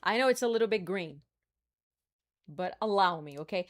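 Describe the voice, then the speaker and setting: A woman's voice: mid-range voice, lively intonation, normal speed, long pauses. A woman hosting a casual livestream, chatting and thanking donors with frequent laughter. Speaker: livestream host. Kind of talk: casual livestream chat, reading donations.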